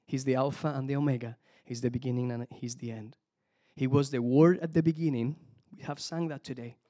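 A man preaching a sermon, animated, calling out hallelujah and praise the Lord between points. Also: medium pitch, a little fast. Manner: animated, exclamations of hallelujah, some restarts.

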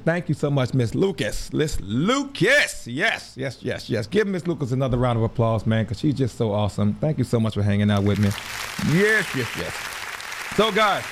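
A man hosting a show, talking in a casual, rambling monologue that repeats words and breaks into laughs. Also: fairly high pitch. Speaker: podcast host.

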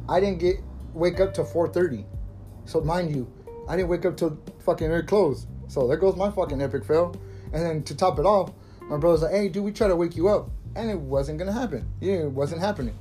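A man's voice: fairly high pitch, brisk, mellow. A man in his thirties rambling in a casual, profanity-heavy monologue as a podcast host, laughing and coughing from smoking. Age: 30s. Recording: faint guitar music behind.

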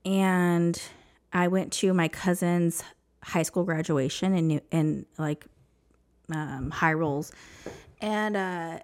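A woman's voice: on the low side, steady tone, slow pace, darkish tone. Emotional woman telling her story. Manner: emotional, rambling, many "like" fillers. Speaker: podcast guest. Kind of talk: casual personal storytelling.

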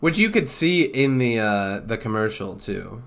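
A man in relaxed casual podcast chat, recapping a cartoon episode with dry asides and looked-up details. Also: medium pitch, a little slow, vocal fry. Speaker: podcast co-host.

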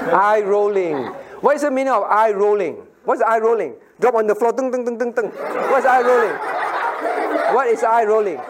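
A man's voice: high-pitched, expressive, measured pace, some chatter behind. A middle-aged man, a pastor giving a playful Bible lesson to children and asking them questions. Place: church room with children.

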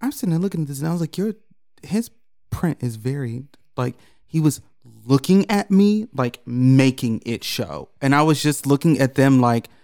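A man co-hosting a podcast, telling a story in casual chat, animated and profane, jumping into high mocking quotes. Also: normal speed, no room sound, studio quality.

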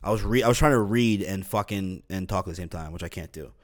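A man's voice: sits low, fast talker. A young man hosting a podcast alone, rambling casually with lots of fillers, restarts and swearing. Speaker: podcast host. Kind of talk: casual solo podcast rant.

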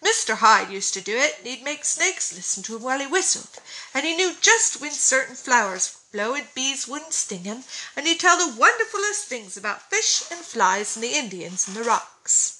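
A woman voicing an eager, shy boy with rough country speech, in a storybook reading. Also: sits high, sing-song, normal speed, bright, forceful tone, full character voice, low-quality recording. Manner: rustic dropped words, eager.

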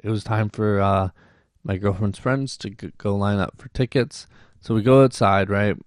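Rambling low-voiced Canadian man. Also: normal speed, no room sound, studio quality. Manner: rambling, with many restarts and acted-out quotes. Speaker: podcast host. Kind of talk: rambling casual monologue.

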